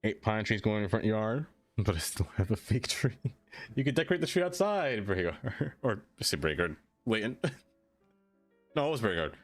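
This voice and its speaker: A man's voice: on the low side, very animated, moderate pace, soft background music. A man streaming a city-building game, chatting loosely and answering his viewers in a rambling, self-deprecating way.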